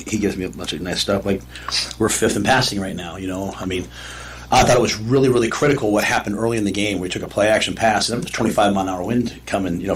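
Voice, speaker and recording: A man's voice: fairly low pitch, slight background noise. A man, a head football coach, answering press conference questions in a rambling way, restarting phrases and saying "you know" a lot.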